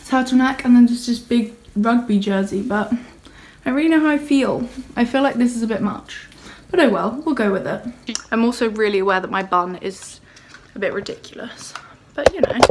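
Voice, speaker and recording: A young woman chatting casually to camera in her bedroom, bubbly and gushing. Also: on the high side. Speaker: vlogger. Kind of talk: casual vlog chat. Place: bedroom at home. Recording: roomy home recording with faint noise.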